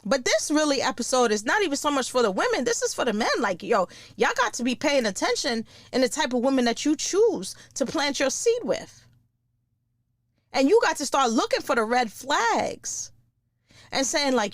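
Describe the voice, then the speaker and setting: A woman, hosting a podcast in a blunt, profane, animated casual monologue. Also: sits high, moderate pace, no room sound, studio quality. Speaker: podcast host.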